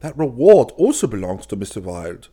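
A male reader voicing a gentle, probing man who quietly questions the narrator in a storybook reading. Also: fairly low pitch, big pitch swings, moderate pace, breathy edge. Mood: persuasive.

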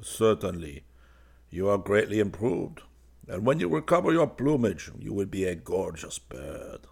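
A man voicing a lonely painter who speaks to a stray cat in a low, pleasant, gentle voice. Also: very animated, measured pace, gravelly, husky, heavily acted. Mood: gentle coaxing. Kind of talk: audiobook character voice.

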